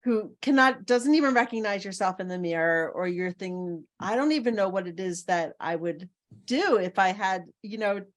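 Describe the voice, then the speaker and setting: A woman's voice: medium pitch, normal speed. A middle-aged woman, a podcast guest on a video call, talking in an encouraging way and laughing often. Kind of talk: casual interview chat.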